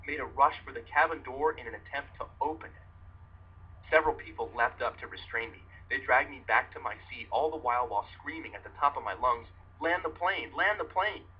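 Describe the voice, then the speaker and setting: A man's voice: mid-range voice, lo-fi sound, slight background noise. A man in his thirties reading a scripted sales story in a dramatic storytelling way. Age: 30s. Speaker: narrator.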